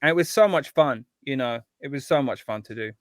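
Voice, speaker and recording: A man's voice: mid-range voice, expressive, brisk, no room sound, clean studio sound. A man, a guest composer talking in a casual interview, eager and rambling with many restarts.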